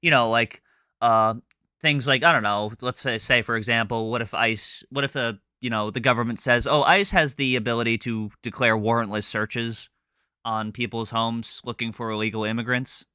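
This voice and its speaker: Bright-voiced man ranting sarcastically. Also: medium pitch, fairly even intonation, smooth, dry recording, studio quality. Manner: fast, sarcastic ranting with many fillers. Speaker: live stream host. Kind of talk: casual chat reacting to a clip.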